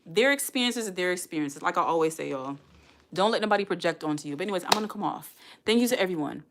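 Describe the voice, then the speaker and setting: Woman, somewhat low voice, casual livestream chat, rambling, encouraging. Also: expressive, fast talker, fairly bright tone, a little hiss or hum.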